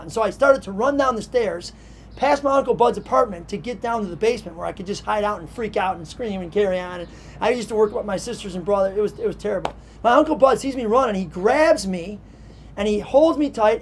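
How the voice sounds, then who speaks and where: A man hosting a devotional show, telling a personal story in an animated, conversational way with frequent fillers. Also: sits high, a little hiss or hum. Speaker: devotional host.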